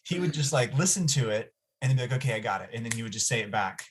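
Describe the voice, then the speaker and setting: A man who wrote and directed the film, hosting a casual Q&A on a video call and telling relaxed, chatty stories about the shoot. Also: mid-range voice, fast, a little hiss or hum.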